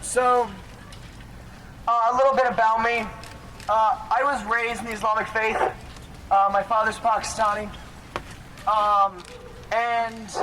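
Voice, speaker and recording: A man giving an impassioned protest speech at an outdoor rally, hesitant at first and rising to shouts. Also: high-pitched. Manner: starts hesitant, builds to shouting. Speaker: rally speaker. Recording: distant voice over a noisy crowd.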